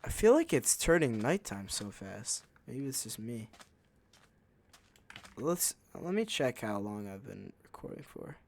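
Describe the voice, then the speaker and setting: Slow, rambling young man gaming. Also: mid-range voice, big pitch swings, a little mellow. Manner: rambling and unhurried, with many fillers. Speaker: gaming channel host. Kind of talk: casual gameplay commentary.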